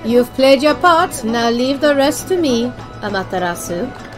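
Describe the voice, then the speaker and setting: A woman voicing a smug male prophet, putting on a mock French accent and a lowered, drawling delivery. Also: lively intonation, a little slow, over music.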